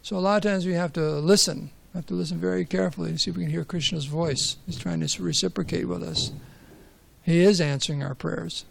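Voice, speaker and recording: A man's voice: fairly high pitch, steady tone, brisk, vocal fry, slight background noise. A man giving a conversational scripture class, asking rhetorical questions and telling stories. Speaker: class speaker.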